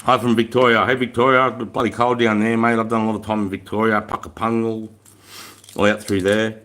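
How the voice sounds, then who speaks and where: A man's voice: fairly low pitch, flat delivery, brisk, fairly bright tone. Laid-back Australian man chatting on a livestream. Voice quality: laid-back, swears freely, lots of Aussie slang. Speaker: livestream host. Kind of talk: casual live chat reading comments.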